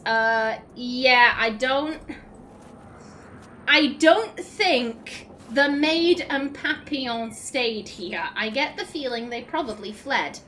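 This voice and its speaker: Woman streamer, slightly high voice, dramatic readings between chatty asides. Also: a little hiss or hum. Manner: expressive, quickly emotional, laughs and swears. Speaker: gaming streamer. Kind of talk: reading in-game texts aloud between casual commentary.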